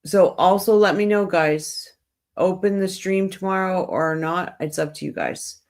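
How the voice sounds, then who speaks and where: A woman's voice: fairly low pitch, a little slow, darkish tone. Chatty woman hosting a livestream. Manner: rambling and friendly, talks straight to viewers. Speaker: livestream host. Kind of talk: casual livestream chat.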